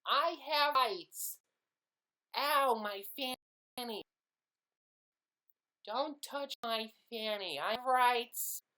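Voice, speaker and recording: A man with an English accent putting on a loud, whiny American man who keeps complaining about his rights. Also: very slow, pauses often, full character voice. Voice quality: high, shouty and whining.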